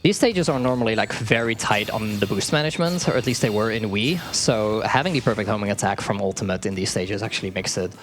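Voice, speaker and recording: A man's voice: fairly low pitch, quick pace, hardly any pauses. A man casually explaining his game as he plays it live, laughing often and tripping over words. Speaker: speedrunner. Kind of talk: live speedrun commentary. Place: marathon event stage. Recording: faint game music behind. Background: faint game music.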